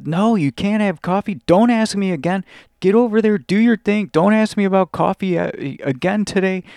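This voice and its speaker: A man doing a shrill, snapping bossy woman. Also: moderate pace, gravelly, a little mellow, clean tone, no echo, clean studio sound. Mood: angry. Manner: curt, scolding, snapping orders.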